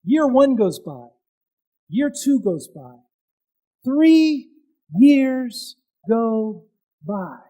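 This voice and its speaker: Very high-voiced man preaching a lively sermon. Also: poor audio. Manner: animated storytelling with dramatic pauses and loud peaks; casual and conversational, with asides to the audience.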